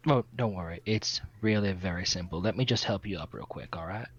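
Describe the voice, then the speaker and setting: A man voices a smooth male vampire who presses with coaxing, probing questions. His voice sits low. The recording is dull and lo-fi. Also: a little fast. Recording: dull lo-fi mic.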